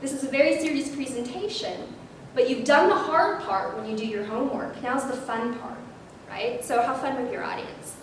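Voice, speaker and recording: A woman presenting a public speaking workshop, lively and animated, often checking in with "right?". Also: moderate pace. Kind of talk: instructional workshop talk. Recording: very echoey room, distant mic, faint rumble.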